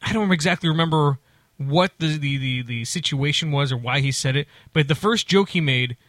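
In a close, dry space with no room sound, a man tells an offhand story, his bright, forceful voice sitting a bit high for a man. It's animated and rambling, with many restarts and quick acted-out impressions of whoever he's quoting.

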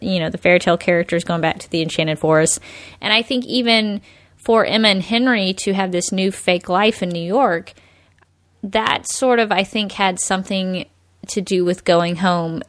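A woman's voice: mid-range voice, a bit bright, no echo. A woman co-hosting a podcast in casual chat, laughing often and using lots of likes and ums. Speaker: podcast co-host.

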